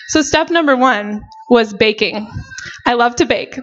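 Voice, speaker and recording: A woman's voice: a little high, normal speed. A young woman, a missionary, giving a personal faith testimony in an earnest, emotional way with many casual fillers. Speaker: missionary sharing her testimony. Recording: dull lo-fi recording.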